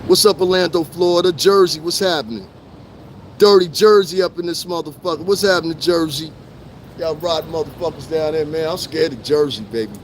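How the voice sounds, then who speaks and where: Middle-aged guy going live on his phone outside, kinda high voice, swearing a lot, faint traffic behind. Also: a little fast. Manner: profane, loose street talk with laughs. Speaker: livestream host. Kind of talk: casual live-stream chat to viewers.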